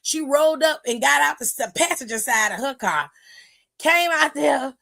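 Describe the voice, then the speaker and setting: Sassy high-voiced woman recapping wrestling. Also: measured pace, vocal fry. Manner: sassy, gossipy, exclaims "child" often; animated retelling with lively quoted voices. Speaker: wrestling show recap host. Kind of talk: casual chatty commentary.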